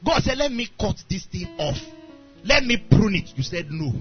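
A male preacher tells a story in his sermon and acts out the characters as he goes. His voice sits high and swings widely in pitch. The recording sounds dull and lo-fi, with faint music underneath. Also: moderate pace. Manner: animated storytelling, voicing characters.

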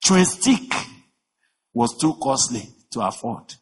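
Emphatic preacher, husky and lively. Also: male voice, mid-range voice, takes it slowly. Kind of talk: sermon. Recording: long reverb of a large hall.

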